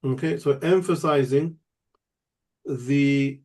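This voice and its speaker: A man's voice: mid-range voice, steady tone, takes it slowly, darkish tone. A man teaching an online grammar lesson, explaining patiently step by step and checking in with his student. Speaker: Arabic teacher.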